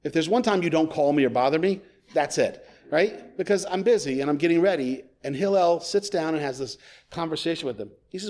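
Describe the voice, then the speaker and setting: Lighthearted man preaching, a bit high-pitched. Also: animated, a little fast, darkish tone. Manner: conversational, with joking asides. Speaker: rabbi, guest preacher. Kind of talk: sermon. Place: church sanctuary.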